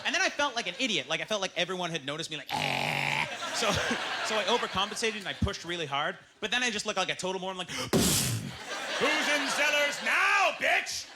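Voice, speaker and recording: A man from Canada doing a stand-up comedy set on a club stage, animated and slipping into silly voices. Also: high-pitched, rapid-fire. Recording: loud club crowd noise behind.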